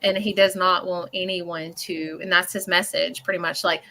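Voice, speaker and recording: Woman, psychic medium, bright clear tone, halting, blunt, earnest, lots of fillers. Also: fairly low pitch, little pitch movement, slight background noise. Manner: halting, many fillers, checks in with "okay?". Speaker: psychic medium giving a reading. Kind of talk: live call-in reading.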